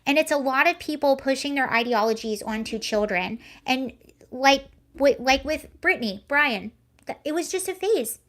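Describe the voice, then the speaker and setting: A woman's voice: high-pitched, animated, normal speed, a bit bright. A young woman hosting a casual livestream, talking in a chatty, rambling way and often correcting herself mid-sentence. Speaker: livestream host.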